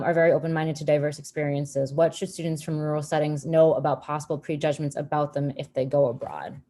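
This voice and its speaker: A woman moderating a panel, speaking in a measured way with frequent fillers. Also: low-pitched, darkish tone.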